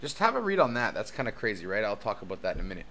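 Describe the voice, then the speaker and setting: A man hosting a casual livestream as a cryptocurrency educator, excitable and chatty, laughing often and swearing casually. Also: lowish voice, rapid-fire. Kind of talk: casual live-stream chat. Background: faint background music.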